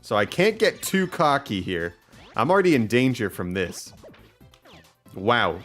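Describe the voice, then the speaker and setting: A man's voice: mid-range voice, fairly bright tone. A man chatting casually while streaming a game, upbeat and full of fillers. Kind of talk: let's play commentary.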